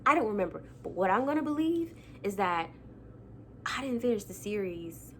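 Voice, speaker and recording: A woman's voice: mid-range voice, very animated, normal speed, a bit bright, slight background noise. A young woman vlogging casually about her childhood books, chatty and self-mocking with lots of fillers. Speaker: book vlogger. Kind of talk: casual chat.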